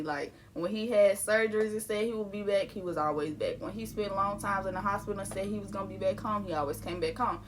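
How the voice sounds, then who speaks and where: A young woman, telling a personal storytime to her viewers in a casual, candid way, laughing now and then. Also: mid-range voice. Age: young adult. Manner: casual and candid, laughing through grief, addressing viewers as y'all. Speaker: vlogger. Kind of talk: storytime vlog.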